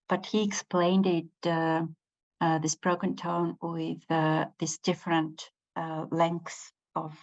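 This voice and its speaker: A woman giving a university lecture, hesitant, with many pauses and fillers. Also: on the low side. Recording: dull lo-fi recording.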